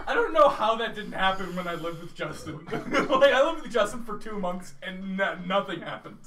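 A young man co-hosting a podcast in casual chat, laughing and shouting as he acts out a story. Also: high-pitched, expressive, brisk, distant mic, a crowd in the background.

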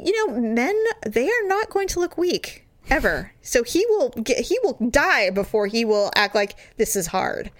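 A woman in casual chat, telling an animated story, laughing and swearing freely. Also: fairly high pitch, unhurried, hardly any pauses.

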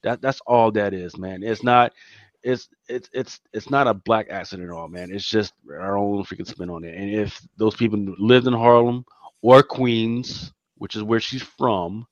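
A man from Philadelphia talks loosely and emphatically in a casual podcast chat. His voice sits on the low side, recorded dry with a somewhat dull, lo-fi sound. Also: fairly even intonation, unhurried, no room sound. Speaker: podcast co-host.

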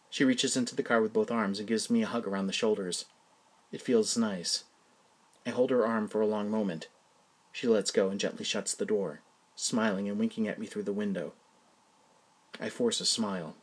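A man, the podcast host, reading his own first-person story in a plain, even manner. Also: lowish voice. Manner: plain, even storytelling, casual asides in the outro.

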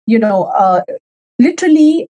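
A woman's voice: on the high side, big pitch swings, unhurried, warm tone, dry recording, poor audio. Hesitant Indian woman, dry close sound. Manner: hesitant, many fillers and restarts. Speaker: guest. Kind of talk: conversational interview.

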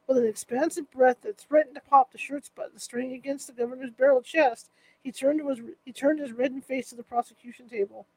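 A woman's voice: high voice, fairly even intonation, brisk, rough recording. A woman narrating a true-crime courtroom story in a vivid, dramatic manner.

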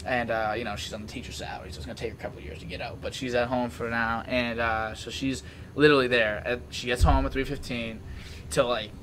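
A young man telling an animated story in casual chat, acting out what people said. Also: medium pitch, fast talker, background noise. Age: young adult.

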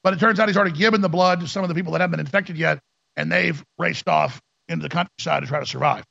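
A man's voice: on the high side, racing, gravelly, sharp tone, dry recording, lo-fi sound. A man hosting a talk radio show, ranting sarcastically and mimicking opponents in mocking voices.

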